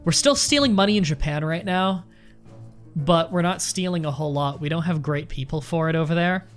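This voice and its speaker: A man's voice: on the high side, a little fast, faint music behind. A man giving casual gameplay commentary as a let's play host, chatty and rambling as he thinks aloud.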